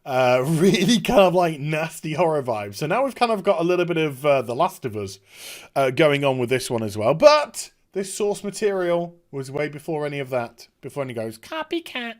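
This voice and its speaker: Sarcastic man with lively pitch. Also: moderate pace. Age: middle-aged. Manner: sarcastic, mocking, chuckling asides. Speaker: YouTube commentator. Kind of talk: casual trailer reaction commentary.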